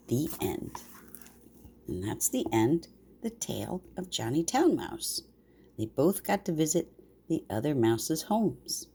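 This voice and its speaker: An older woman reading a bedtime story aloud to her grandchildren in a warm, unhurried way. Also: deep voice, sing-song, husky.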